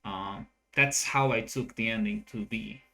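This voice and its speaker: Casual co-host, a man with a bright, sharp voice; argues point by point. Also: lowish voice, unhurried, creaky. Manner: argumentative, analytical. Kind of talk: casual chat.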